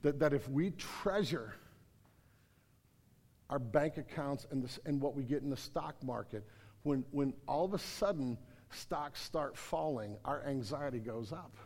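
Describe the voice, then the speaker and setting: A man preaching a sermon in a large room, earnest, often repeating words and swinging from emphatic to quiet. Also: measured pace. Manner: earnest, repeats words, rises to emphatic then drops low. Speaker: pastor. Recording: hall reverb.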